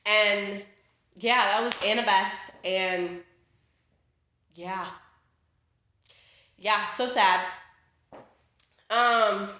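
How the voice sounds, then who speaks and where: A woman's voice: medium pitch, steady tone, extremely slow, long pauses, sharp tone. A young woman talking casually in a chatty, rambling way, full of fillers and restarts, recorded in her living room. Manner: chatty, filler-heavy, self-interrupting. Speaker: vlogger. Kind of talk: casual rant. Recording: echoey home room.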